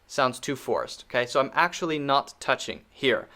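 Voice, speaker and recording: A man with a bright, clear-toned voice teaches pronunciation. He repeats example words over and over at an easy pace. He checks in often with a patient "okay?". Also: medium pitch, lively intonation. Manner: demonstrates words by repeating them slowly. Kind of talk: pronunciation lesson.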